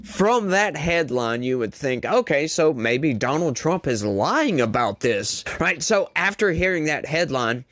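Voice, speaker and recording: A man's voice: a little high, very animated, a little slow, hardly any pauses, fairly bright tone. A man hosting his own show, giving political commentary on a news article in an exasperated, sarcastic way and talking straight to his viewers. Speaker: show host.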